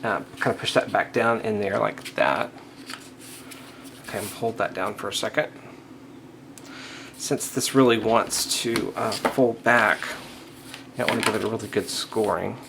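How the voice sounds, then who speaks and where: Creaky and fairly low, this man's voice moves a little slowly with many pauses as he walks viewers through a crafting tutorial step by step. His manner is casual, with thinking aloud, check-ins with the viewer, lots of "okays" and restarts. Background noise can be heard in the recording.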